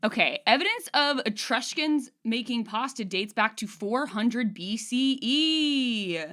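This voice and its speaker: A woman's voice: fairly high pitch, expressive, sharp tone. Jokey young woman podcast co-host. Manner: jokey, rapid riffing, playful interruptions. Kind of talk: casual podcast chat.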